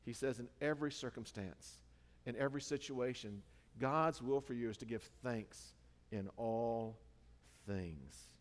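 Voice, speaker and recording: A man preaching a sermon in an easygoing, conversational manner, often pausing to correct himself. His mid-pitched voice rings out with a long reverb through a church hall. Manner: conversational, with many fillers and self-corrections.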